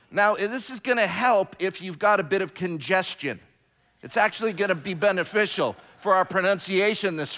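A man preaching a sermon, building from calm teaching to emphatic, drawn-out declarations. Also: high-pitched. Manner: preaching with rising emphasis, slows words for stress. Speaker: pastor. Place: church sanctuary. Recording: long hall reverb.

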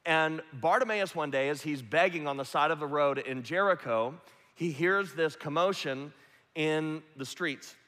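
Guy preaching, bright voice, tells the story earnest and vivid, big echoey hall. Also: a little high, measured pace. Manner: earnest, vivid retelling with acted quotes. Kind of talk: sermon storytelling. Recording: long hall reverb.

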